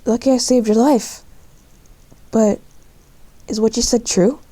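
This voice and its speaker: A woman voicing a young male tom cat who asks calm, curious questions. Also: fairly high pitch, unhurried, dry recording.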